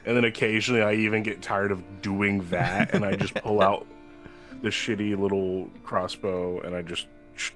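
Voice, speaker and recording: A man playing a tabletop game, describing his moves in a laid-back, deadpan way. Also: on the low side, moderate pace, soft background music. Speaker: player. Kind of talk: casual game chat.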